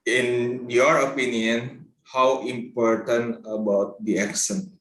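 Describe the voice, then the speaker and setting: A man hosting a live online class, asking questions haltingly and searching for words. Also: medium pitch, level tone, fairly bright tone. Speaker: class host. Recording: echoey room.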